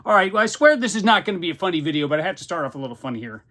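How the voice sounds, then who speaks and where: A middle-aged man speaks to camera in a casual, personal vlog. His voice sits slightly higher than most men's. He sounds a little out of breath and often restarts or repeats his words as he talks. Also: big pitch swings, racing, pushed and bright. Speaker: podcast host living with Parkinson's.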